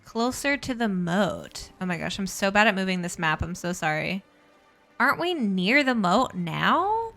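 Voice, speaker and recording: A woman streamer with a bright, sharp voice that swings widely up and down as she giggles and chats with her viewers. She talks at an unhurried pace over faint background music. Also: mid-range voice, big pitch swings, gravelly. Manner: giggly, chatty, greets and thanks viewers. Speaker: live streamer. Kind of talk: casual live game stream chat.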